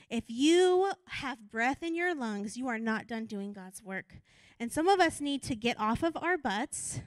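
A woman's voice: a little high, no room sound. A woman assistant pastor preaching a sermon in an earnest, conversational way that builds to urgent appeals.

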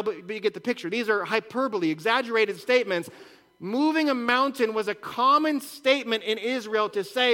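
A man's voice: very high-pitched, brisk, sharp tone. A man preaching a sermon in a conversational way, with rhetorical questions and repeated words. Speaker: pastor.

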